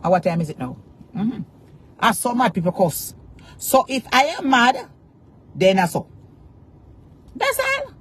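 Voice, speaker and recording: A woman's voice: medium pitch, animated, normal speed, long pauses, slightly rough. A Jamaican woman ranting defiantly to her followers, cursing in Patois and repeating taunts. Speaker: social media personality. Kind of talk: angry rant to camera.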